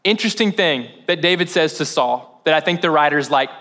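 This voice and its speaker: Male pastor, high voice, relaxed talky sermon, tosses questions to the congregation. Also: brisk. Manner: casual and chatty, asks the congregation questions. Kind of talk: conversational sermon. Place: church service.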